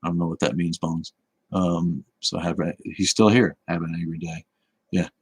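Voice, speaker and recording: A man's voice: sits low, little pitch movement, moderate pace, breathy edge, poor audio. A man, hosting a casual livestream, talking in a snarky, rambling way full of restarts as he answers chat. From Boston area.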